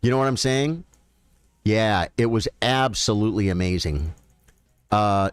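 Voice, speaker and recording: A man streaming chess, chatting casually with viewers and thinking out loud about his games. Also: lowish voice, a little slow, pauses often, smooth, no echo, studio quality. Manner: chatty, thinks aloud, addresses viewers directly. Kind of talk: casual live-stream commentary.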